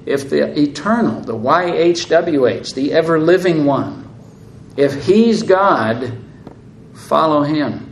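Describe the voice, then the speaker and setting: A man reading the part of a calm, solemn male prophet in a measured, steady and firm way. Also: fairly high pitch, roomy sound, a little hiss or hum, low-quality recording.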